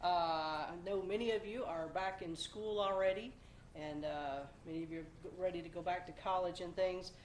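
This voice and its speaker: A woman's voice: on the low side, steady tone, moderate pace, a little hiss or hum. A woman in her forties hosting a casual weekly devotional talk, a bit under the weather, chatty and self-deprecating with playful asides. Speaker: devotional host. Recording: roomy, slightly echoey home recording.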